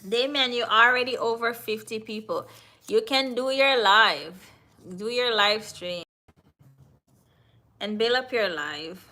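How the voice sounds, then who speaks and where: Slow-talking Jamaican woman, bright voice. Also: a little high. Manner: chatty, answers viewers in the chat. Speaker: livestream host. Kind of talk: casual live-stream chat.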